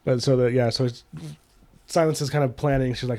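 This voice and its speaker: A man's voice: medium pitch, fairly even intonation, brisk, mellow. A man co-hosting a podcast who loosely retells a book's plot in casual chat, with many fillers. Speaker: podcast co-host. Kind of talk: casual book discussion.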